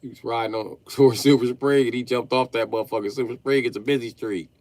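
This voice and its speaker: A man's voice: medium pitch, fast talker, dry recording. A man in his late thirties telling profane, comic stories on a livestream, laughing as he goes. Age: late 30s. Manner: animated, profane, laughs mid-story. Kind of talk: comedic storytelling rant.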